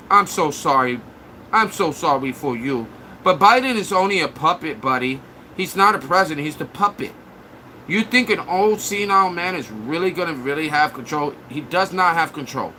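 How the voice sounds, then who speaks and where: On a live stream, a man with a high, bright, cutting voice bluntly and crudely trash-talks the viewers in his chat. Slight background noise can be heard.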